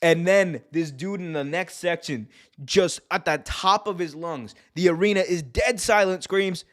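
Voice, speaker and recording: A man's voice: sits high, measured pace. A man hosting a live wrestling stream, talking in a loose, rambling way, swearing often and laughing easily as he reads chat. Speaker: host.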